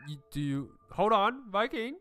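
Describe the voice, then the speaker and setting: A man's voice: high-pitched, big pitch swings, normal speed, a crowd in the background. A man narrating a tabletop game as game master, hesitant with many fillers.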